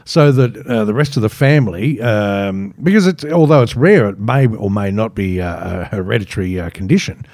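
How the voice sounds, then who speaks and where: A man's voice: lowish voice, lively intonation, moderate pace, few pauses, a little mellow, no echo, clean studio sound. A man co-hosting a comedy podcast, wry and mock-serious in casual banter. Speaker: podcast co-host.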